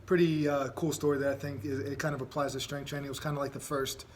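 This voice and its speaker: A man's voice: mid-range voice, level tone, quick pace, slight background noise. A man hosting a podcast, chatting in a rambling, laid-back way with lots of fillers. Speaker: podcast host. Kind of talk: casual podcast chat.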